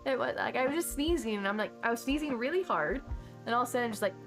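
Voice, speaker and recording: A woman streaming a game and chatting casually, rambling along with sudden excited exclamations. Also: fairly high pitch, quick pace. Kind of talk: casual gameplay chat. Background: chill background music.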